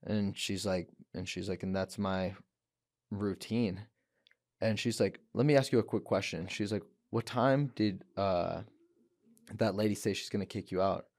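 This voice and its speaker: A man's voice: sits low, measured pace, a little mellow, no echo, studio quality. A young man telling his story as a podcast guest, earnest, with restarts and quoted words. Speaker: guest, professional fighter. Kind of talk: emotional personal testimony. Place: podcast studio.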